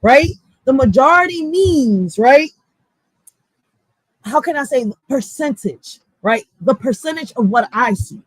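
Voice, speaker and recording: In a rough recording with no echo, a Philadelphia-accented woman who serves as a block captain vents in a casual vlog with fired-up, blunt and profane street talk. Her voice is on the high side, expressive and breathy-edged, unhurried and pausing often.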